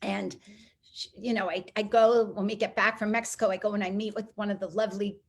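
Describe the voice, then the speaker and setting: A middle-aged woman telling a personal story as an interview guest, lively and acting out the people she quotes. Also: mid-range voice, brisk, breathy edge. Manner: animated, acts out quoted voices.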